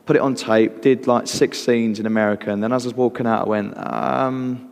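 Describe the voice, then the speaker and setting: Gravelly British man telling stage stories. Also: medium pitch, a little fast. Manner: lively, animated, acts out other people's voices. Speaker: actor guest. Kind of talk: anecdotal storytelling on stage. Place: live event hall with audience. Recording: long hall reverb.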